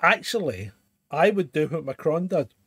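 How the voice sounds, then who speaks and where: A man co-hosting a live stream, with a husky, fairly high voice that swings widely in pitch. He talks emphatically, swears freely and rants through rhetorical questions. The sound is close and dry. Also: sing-song, normal speed, a bit bright, no room sound. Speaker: co-host of a live chat show. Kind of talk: casual banter, live stream.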